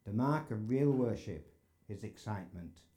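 Earnest preacher with a mellow low voice. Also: male voice, lively intonation, normal speed. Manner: earnest, rising to emphatic exclamations. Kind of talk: sermon. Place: church sanctuary.

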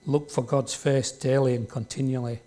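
A man's voice: medium pitch, steady tone, moderate pace, warm tone. Man preaching, chatty tag questions. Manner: conversational, leans on tag questions to the congregation. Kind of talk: sermon. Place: church.

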